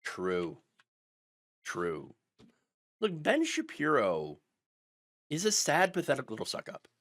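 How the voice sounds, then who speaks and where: A man's voice: on the high side, huge pitch swings, moderate pace, fairly bright tone. A middle-aged man ranting through political commentary, sarcastic and mocking, sometimes putting on the voices of his opponents.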